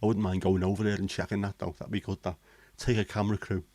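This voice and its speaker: A deep-voiced man talks casually on a livestream. His tone is blunt and cynical, full of swearing and banter. The sound is dry and close. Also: little pitch movement, fast, mellow, no echo. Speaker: livestream host. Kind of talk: casual chat.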